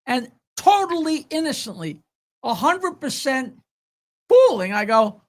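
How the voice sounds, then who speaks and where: Older man, podcast host, animated storyteller, loud when quoting people. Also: very high voice, unhurried. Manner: animated, acts out quoted voices loudly. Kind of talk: casual storytelling chat.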